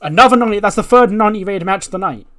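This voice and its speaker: A man hosting a let's play, narrating a simulated wrestling show in lively play-by-play with offhand asides. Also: high-pitched, fast talker, soft background music.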